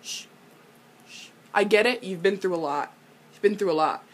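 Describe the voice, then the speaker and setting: A young woman recapping a TV episode in a casual, animated way, exclaiming, swearing and laughing often. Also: mid-range voice, fast talker. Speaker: vlogger.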